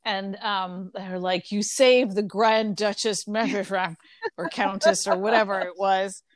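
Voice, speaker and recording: A woman's voice: medium pitch, unhurried. A woman casually retelling a story in conversation, acting out the characters' lines with lots of ums. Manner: animated retelling with quoted voices, frequent ums.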